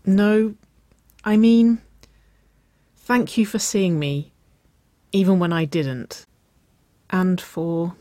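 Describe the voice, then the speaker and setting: A reader voicing an excitable young woman, a younger sister, in a breathless, rising voice. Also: mid-range voice, very slow, long pauses, no echo, studio quality, voice pushed up. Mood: excited.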